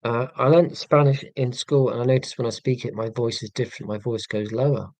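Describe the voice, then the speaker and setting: English male streamer, casual rambling chat, dry close sound, mid-pitched voice. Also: steady tone, fairly quick, a little mellow, no room sound. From England. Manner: dry, self-mocking, rambling with many ums. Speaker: live-stream host.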